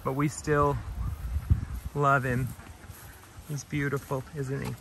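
A man giving a gentle, affectionate walking tour of his farm outdoors, filmed on a handheld camera. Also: medium pitch, little pitch movement, slow pace, gravelly, a little hiss or hum. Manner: gentle, affectionate, talks to trees and animals. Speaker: vlogger touring his farm. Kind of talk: casual walking tour vlog.

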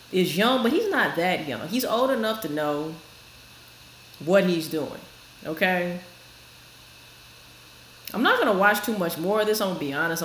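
A woman's voice: fairly low pitch, fairly bright tone. A woman hosting a reaction video, giving frank, chatty commentary straight to her viewers. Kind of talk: casual commentary. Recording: echoey room with faint noise.

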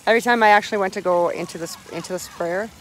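A woman filming her son at an outdoor spray park on her phone, rambling casually with fillers and laughs, her voice a bit hoarse. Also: medium pitch, very fast, slight background noise, low-quality recording. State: hoarse from screaming.

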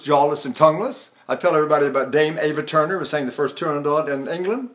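An older male voice teacher with a high-pitched speaking voice gives a recorded lecture on vocal technique. He's chatty and full of anecdotes, breaks into sung opera demonstrations, and speaks straight to his students with frequent "see?"

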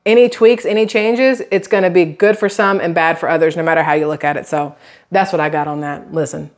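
A woman's voice: fairly low pitch, a little fast. A woman, chatting casually as a YouTube creator. She rambles from point to point and acts out other people's lines as she tells stories. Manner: chatty, rambling, animated quoted asides. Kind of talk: casual chatty vlog storytelling.

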